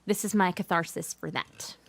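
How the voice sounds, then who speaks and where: A woman singer-songwriter chatting between songs on a livestream, chatty and quick to laugh. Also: fairly low pitch, steady tone, creaky, a bit bright, faint music behind. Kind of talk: casual chat between songs.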